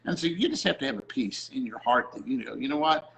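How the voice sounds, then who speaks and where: A man's voice: a little high, lively intonation, rapid-fire, creaky, few pauses, a bit bright, rough recording. Man producer telling a story. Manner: storytelling, acts out quoted voices. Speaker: music producer. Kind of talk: casual faith talk.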